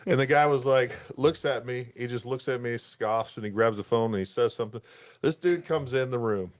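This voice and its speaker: A man hosts a casual podcast, telling stories animatedly and acting out dialogue in a raised voice. He has a medium pitch and speaks fairly quickly, with slight background noise in the recording.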